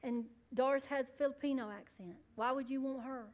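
A woman pastor preaching a sermon in church, calling out to the congregation and rising to loud, fervent peaks. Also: high voice, fairly even intonation, normal speed. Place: church sanctuary.

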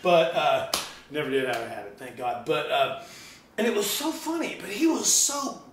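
A middle-aged man telling stories in a loose, animated way, swearing freely, in a casual chat. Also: fairly high pitch, moderate pace, echoey room, recorded from a distance, background noise. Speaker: guest musician.

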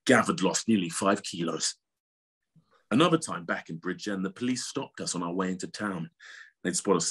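A man with a very deep, husky voice reads a book passage aloud on a podcast. His reading is steady and measured, with the odd small stumble. He speaks into a studio microphone.

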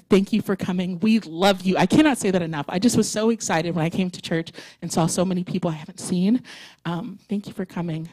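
An excitable, chatty woman worship leader speaks at a church service, running through announcements before a closing prayer. Her voice sits at an ordinary middle pitch and sounds close and dry, with little room around it. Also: no echo, rough recording.

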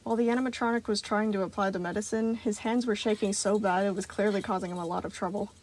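A woman narrating a fan fiction story, reading in a steady, expressive way. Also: medium pitch, fast talker.

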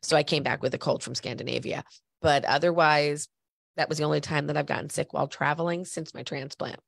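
This podcast host talks briskly in a low, gravelly voice with a steady tone, and the recording has no room sound. A little stuffy from a cold, the woman keeps things conversational, spinning stories and appealing directly to those listening.

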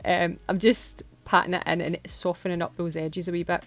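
A woman's voice: on the low side, little pitch movement, brisk, a bit bright, no room sound, soft background music. A Scottish woman chatting through a nail art tutorial in a casual, giggly, self-deprecating way.

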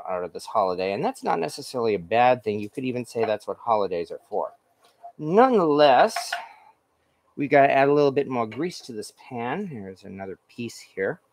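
A mid-range male voice with a bit of background noise behind it. The man runs a home cooking stream, cooking at his stove and reading viewer comments while he talks in a loose, rambling way. He leans heavily on fillers and often stops to restart or correct himself.

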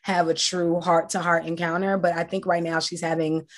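Chatty actress in an interview. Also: female voice, lowish voice, level tone, moderate pace. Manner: chatty, reflective, many fillers. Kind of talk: casual interview chat.

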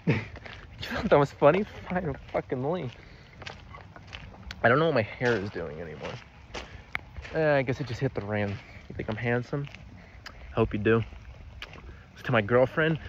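Young male vlogger on a walk, unhurried and meandering, swallowing his laughs; muffled outdoor recording. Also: mid-range voice. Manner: meandering, giggly, stifles laughs. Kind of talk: rambling casual vlog while walking. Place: outdoors, walking. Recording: dull lo-fi with outdoor noise.

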